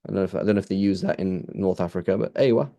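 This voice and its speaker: Relaxed low-voiced man teaching. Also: rapid-fire, gravelly. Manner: conversational, many restarts and "right?" checks; quotes Arabic phrases. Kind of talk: informal Quran lesson.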